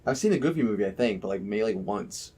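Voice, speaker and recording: A man's voice: lowish voice, animated, fast talker, darkish tone, husky. A young man co-hosting a casual podcast, laid-back and blunt, swearing casually. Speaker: podcast co-host. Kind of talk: casual chat.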